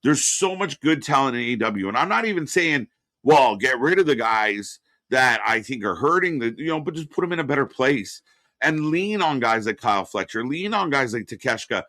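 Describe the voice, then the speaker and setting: A man's voice: mid-range voice, big pitch swings, fairly quick, fairly bright tone, no echo, studio quality. A man co-hosting a live wrestling watch-party stream, giving blunt, opinionated takes and swearing freely. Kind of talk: casual live-stream chat.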